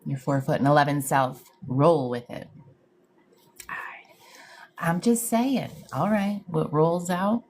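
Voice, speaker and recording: A woman's voice: low voice, slow, a little mellow, slight background noise. A woman hosting a live stream as a psychic medium, chatting casually in slang, greeting viewers and laughing often. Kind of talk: casual livestream chat.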